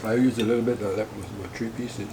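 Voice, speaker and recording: A man's voice: lowish voice, steady tone, quick pace, noisy background. A man sitting at the home dinner table as co-host, giving short, terse replies while he eats. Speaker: co-host, the host's partner. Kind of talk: casual chat while eating. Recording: roomy room with clattering dishes.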